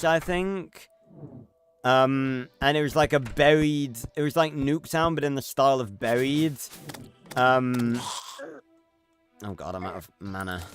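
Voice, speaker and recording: A man livestreaming a game, chatting casually and rambling with lots of fillers and restarts. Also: medium pitch. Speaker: streamer. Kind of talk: casual gameplay livestream chat.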